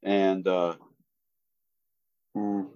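A man, co-hosting a casual podcast chat in a flat, deadpan way with lots of fillers. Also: low-pitched, drawn-out words, highs cut off, a crowd in the background. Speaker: podcast co-host.

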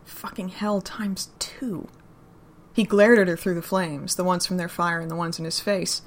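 A woman narrating a romantic story in an expressive, intimate reading. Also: mid-range voice. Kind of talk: fan fiction reading.

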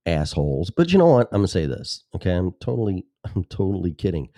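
Talking fast with big pitch swings, a man with a warm, low-sitting voice rambles alone at the mic as a talk show host from Illinois's Chicago suburbs. He's sarcastic and profane and interrupts himself. The recording is dry with clean studio sound.

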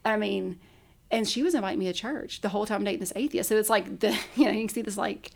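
Woman telling her story on a podcast, lots of vocal fry, chatty and quick to laugh. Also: mid-range voice. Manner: chatty, laughs often, acts out her own past words. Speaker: podcast guest. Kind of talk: casual personal storytelling.

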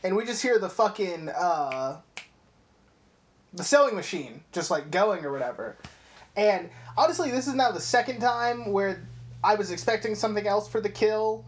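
A young woman co-hosting a podcast recaps a film scene by scene in a casual chat. Her voice is medium-pitched and animated at a normal speed, and she swears freely while acting out the characters' lines.

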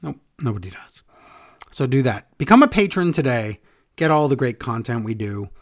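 Man, podcast co-host, sarcastic and fed up, medium pitch, sneering asides. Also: expressive, normal speed. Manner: sarcastic, exasperated, mocking impressions. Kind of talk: casual chat recapping wrestling.

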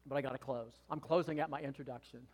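A man's voice: medium pitch, fairly even intonation, fast talker, a little mellow, husky. A man in his sixties preaching a sermon to his congregation, earnest and emphatic, rising to impassioned pleading. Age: 60s. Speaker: pastor. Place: church hall. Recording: long hall reverb.

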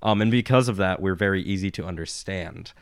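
A man's voice: low-pitched, brisk, clean tone, dry recording, studio quality. A young man from Nebraska with a Midwestern accent, chatting casually and laughing as a cast member on a talk show. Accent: Midwestern American. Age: young adult. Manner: chatty, laughing, filler-heavy. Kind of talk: casual chat.

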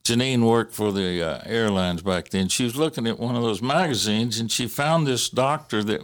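A man casually telling family stories in a halting way, with many fillers and restarts and the odd chuckle. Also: medium pitch. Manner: chuckles while recalling. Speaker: interviewee recalling family history. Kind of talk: casual storytelling.

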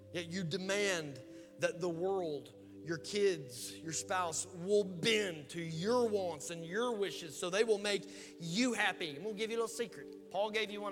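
A man preaching as a pastor in a large church hall, pleading and emphatic, with sudden soft asides. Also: high-pitched. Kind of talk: sermon. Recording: long hall reverb with music behind.

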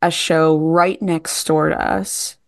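Lively young woman telling stories. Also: sits low, slow, creaky, no room sound, clean studio sound. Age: 20s. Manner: animated, laughing, acts out quotes of others. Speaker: guest, stage actress. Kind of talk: casual anecdotal storytelling.

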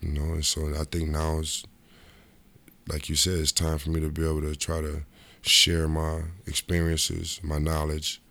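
Middle-aged guy, ex hoops player, real low voice w some fry, rambles and restarts telling old stories. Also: normal speed, dry recording. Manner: rambling, repeats and restarts, lively quoted asides. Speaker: former pro basketball player, interview guest. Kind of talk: casual storytelling interview.

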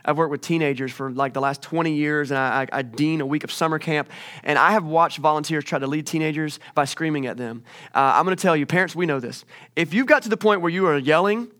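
A man in his forties giving a sermon as a youth pastor, talking conversationally and moving between hushed and emphatic delivery. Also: on the high side, fast.

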